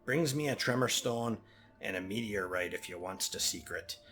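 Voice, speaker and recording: A man's voice: fairly low pitch, normal speed, sharp tone, faint music behind. A man voicing a greedy, scheming male goblin scout in a game, with a loose put-on Caribbean-ish lilt and slangy broken grammar. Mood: wheedling.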